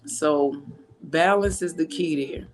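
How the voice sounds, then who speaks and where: A woman hosting a casual online panel chat, telling stories in a drawn-out way and laughing often. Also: sits low. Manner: slow, drawn-out, laughing storyteller. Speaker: panel host.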